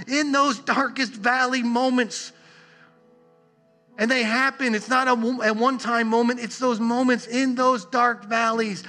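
A man preaching a sermon earnestly, leaning on repeated words and long pauses. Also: very high-pitched, fairly even intonation, sharp tone. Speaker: pastor.

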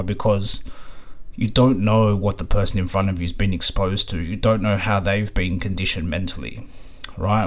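A man with an Australian accent, hosting a podcast and telling stories in a loose, rambling way, swearing casually and leaning on fillers like "you know what I mean". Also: sits low. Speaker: podcast host. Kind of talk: casual storytelling monologue.

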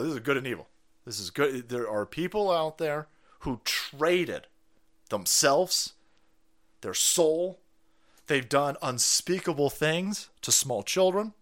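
A man's voice: on the high side, a bit bright. A middle-aged man hosting a political livestream, ranting in a combative, profane way and laughing often. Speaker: livestream host.

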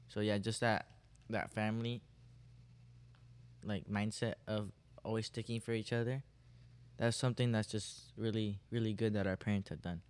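A man's voice: lowish voice, flat delivery, normal speed, pauses often, smooth. A fourteen-year-old boy co-hosting a casual chat with his older brother, playful and earnest as he roasts and praises him. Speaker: co-host.

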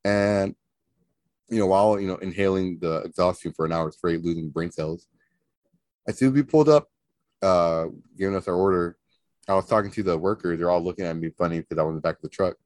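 A man telling a story on a podcast, animated and profane, often laughing. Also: deep voice, fairly quick, dry recording, studio quality. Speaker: podcast co-host. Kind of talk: casual storytelling.

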